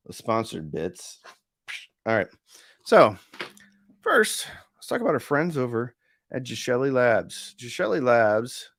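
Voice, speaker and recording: A man's voice: medium pitch, no echo, clean studio sound. A middle-aged man hosting a casual live stream, chatting in a rambling way and reading viewer comments aloud. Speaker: livestream host reviewing audio deals.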